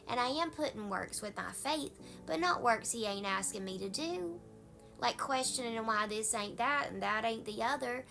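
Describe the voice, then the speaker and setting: A woman's voice: fairly high pitch, vocal fry, sharp tone. A woman pastor with a Southern US accent, giving a folksy, conversational devotional talk.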